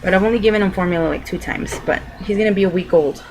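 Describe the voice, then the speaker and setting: A woman's voice: mid-range voice, fast talker, a little mellow, slight background noise, rough recording. Rambling young woman telling a story. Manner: rambling, loose, full of "like" and "you know" fillers. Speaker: vlogger. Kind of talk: casual personal storytelling to camera.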